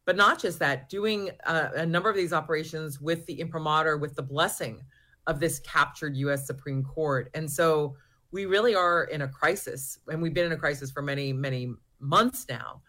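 A woman's voice: low voice, normal speed, sharp tone. A woman guest in an interview, speaking earnestly with frequent restarts and fillers. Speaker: guest, research group founder. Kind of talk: interview answers.

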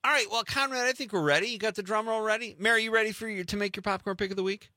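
A man hosting a radio talk show, lively and announcer-like, introducing his guest. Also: sits high, racing, no echo, clean studio sound. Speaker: radio host. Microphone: studio microphone.

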